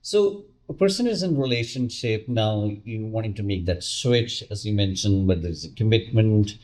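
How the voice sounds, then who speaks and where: A man hosts a casual interview in a fairly low voice. He adds brief agreements while his guest talks. Then he frames his own questions in a conversational way. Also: moderate pace, darkish tone. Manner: affirming, short interjections, then poses questions. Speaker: host.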